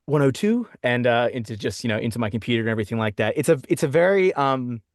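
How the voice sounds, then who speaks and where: A man's voice: mid-range voice, expressive, fast talker, no room sound, studio quality. A young Australian man, a voice actor, talking casually in a podcast interview from a small foam-lined home booth, rambling with many fillers and restarts. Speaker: guest voice actor. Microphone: studio condenser mic.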